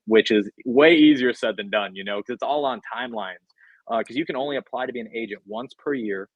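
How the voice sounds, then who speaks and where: A man's voice: on the low side, a little fast, no echo, highs cut off. A man, a podcast guest, telling his career story in casual, rambling talk full of fillers. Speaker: podcast guest, sports agent. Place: podcast studio.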